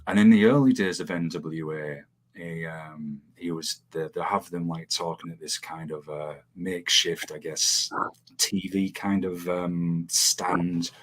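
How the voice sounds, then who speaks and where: A man's voice: low voice, fairly even intonation, unhurried. A man hosting a casual chat, rambling with many fillers and frequent laughter. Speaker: podcast host.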